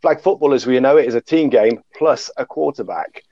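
A man's voice: medium pitch, brisk, no echo, muffled recording. A man hosting a casual panel chat, self-deprecating, with many fillers and restarts. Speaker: podcast host.

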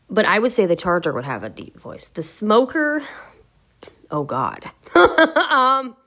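A woman's voice: mid-range voice, fairly bright tone. A woman hosting a gaming video, thinking aloud in a rambling, hesitant way as she searches for words. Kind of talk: casual talk to camera.

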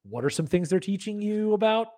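Giggly American man, bouncy higher voice. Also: expressive, fairly quick, noisy background. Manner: giggly, quizzical, eager. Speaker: podcast co-host. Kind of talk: casual comedic chat.

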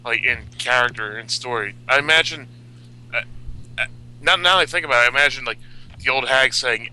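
Bright, smooth-voiced joking man. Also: mid-range voice, low-quality recording. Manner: joking, quick asides. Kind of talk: casual fan chat.

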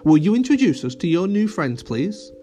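A man's voice: high-pitched, sing-song, normal speed, soft background music, voice pushed up. A man voicing a kind, welcoming female chickweed fairy. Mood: friendly. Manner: warm and welcoming.

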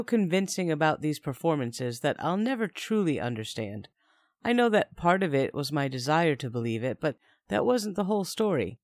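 A woman's voice: sits low, very animated, moderate pace, darkish tone, no room sound, studio quality. A young woman narrating a first-person story in a chatty tone with wry asides.

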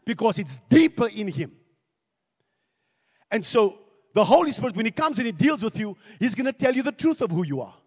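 A man preaching a sermon as pastor, animated, with repeated phrases and acted-out quotes. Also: high-pitched, brisk, slightly rough, long reverb tail.

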